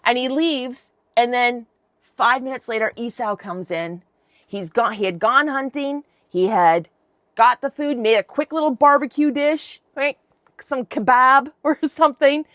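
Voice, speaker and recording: A woman's voice: high voice, measured pace, fairly bright tone, no room sound, clean studio sound. A woman hosting a podcast, retelling a Bible story in a chatty, irreverent, slangy way. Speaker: podcast host.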